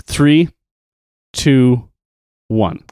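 A man retelling a Bible story, reading passages in a measured way with playful asides. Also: medium pitch, expressive, warm tone, smooth, no echo, studio quality.

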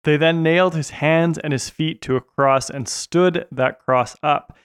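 Man co-hosting bible story, steady narration, dry close mic. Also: a little high, measured pace, clean tone, dry recording. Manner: steady, narrating, brief affirmations.

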